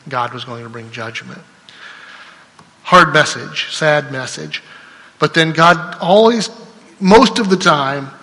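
Male preacher, somewhat high and bright, reads scripture then expounds, big swells and hushed tails, long hall reverb. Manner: swings between loud declarations and soft trailing endings. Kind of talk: sermon with scripture reading.

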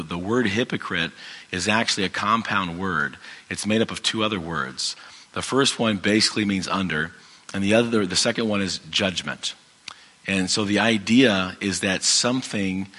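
A pastor teaches from the Bible in a loose, conversational style, his low voice bright and forceful yet strained and fading. He fills his speech with fillers and restarts, and a long reverb tail trails after him.

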